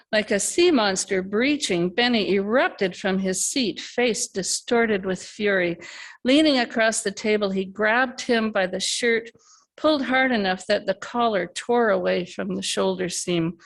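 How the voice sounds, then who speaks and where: A woman reading her own fiction aloud at an open mic, steady and measured. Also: mid-range voice, gravelly. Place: live reading event, remote by video call.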